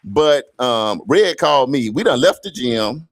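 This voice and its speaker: A man co-hosting a community radio talk show, telling stories with a lively, preacher-like cadence. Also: mid-range voice, a little slow, no room sound. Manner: storytelling, animated, preacher-like cadence. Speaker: radio co-host.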